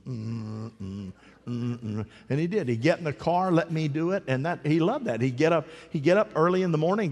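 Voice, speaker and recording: Storytelling preacher man in an echoing hall. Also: fairly high pitch. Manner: storytelling, animated voices for the child, halting restarts. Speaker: pastor. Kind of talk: sermon. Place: church.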